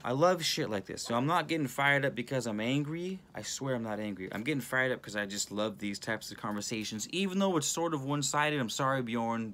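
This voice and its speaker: Excitable rambling man on phone. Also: medium pitch. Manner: animated, rambling, excitable with many restarts. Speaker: channel host. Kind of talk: casual spiritual talk filmed on phone.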